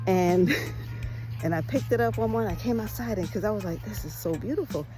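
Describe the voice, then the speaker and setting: A woman from Jamaica vlogging casually on a beach at sunrise, talking fast and chatty with laughs, recorded on a phone at arm's length. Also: medium pitch, music in the background, poor audio. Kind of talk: casual walking vlog.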